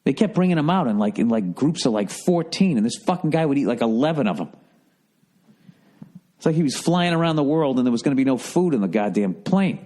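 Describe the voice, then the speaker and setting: Middle-aged American man hosting a podcast, swearing and rambling through a comic story in a lively, animated way. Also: medium pitch, a little fast. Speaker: podcast host. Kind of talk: casual comedic storytelling.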